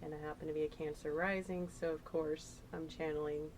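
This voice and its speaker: A woman's voice: low voice, level tone, a little fast, noisy background. A woman giving a casual, chatty tarot reading, rambling and emotional as she talks through the cards. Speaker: tarot reader.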